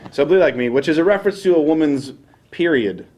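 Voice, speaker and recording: A man's voice: on the high side, lively intonation, brisk, darkish tone, a little hiss or hum. A young man, a late-night radio DJ, casually telling a rambling, self-deprecating story and acting out the voices in it.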